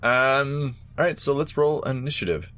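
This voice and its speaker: A man running a tabletop game as game master, animated and quick to laugh. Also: mid-range voice. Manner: animated, laughs often, voices monsters in short quotes.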